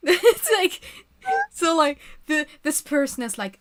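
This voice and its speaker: A woman's voice: sits high, slow, pauses often, slight background noise. A woman co-hosting a podcast in casual chat, giggling often and adding joking remarks. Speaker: podcast co-host.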